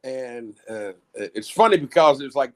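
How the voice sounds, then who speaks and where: A man's voice: medium pitch, lively intonation, measured pace, a bit bright. A middle-aged man, a musician guest, telling long rambling stories in casual chat, with frequent restarts and swearing. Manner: rambling, profane, many restarts. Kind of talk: casual storytelling.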